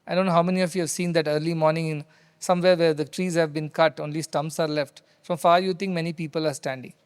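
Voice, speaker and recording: A man's voice: a little high, fast, clear, resonant tone. A male spiritual teacher, telling a story in a discourse to devotees in a hall. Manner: animated storyteller who repeats key phrases. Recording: reverberant hall sound.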